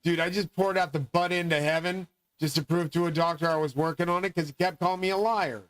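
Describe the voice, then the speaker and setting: Middle-aged male host, grandiose profane rambler; slightly high voice, dry close mic. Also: steady tone, fast talker, no room sound, low-quality recording. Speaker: channel host. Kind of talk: rambling monologue.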